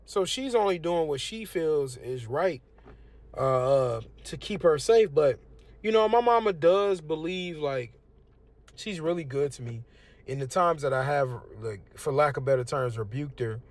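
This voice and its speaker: A man's voice: a little high, a little slow, no echo. A young man from the United States giving a casual religious testimony, preachy and conversational. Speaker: testimonial speaker.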